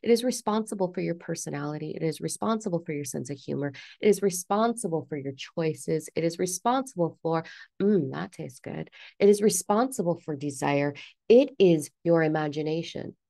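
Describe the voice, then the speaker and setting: A woman speaks in a deep, creaky voice, blunt and animated as she rants through self-help advice and swears casually. The sound is dry and close, with no room echo. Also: fairly quick. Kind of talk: candid motivational rant.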